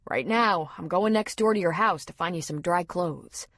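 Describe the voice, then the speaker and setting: A woman voicing a gentle, calm man reassuring a frightened friend. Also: lowish voice, moderate pace, dry recording, studio quality. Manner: soothing, calm.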